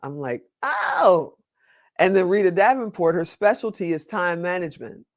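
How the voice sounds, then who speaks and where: A man's voice: sits high, animated, no room sound, clean studio sound. Earnest man telling his story. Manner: earnest, slows down for emphasis. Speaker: podcast guest. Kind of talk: personal storytelling in an interview.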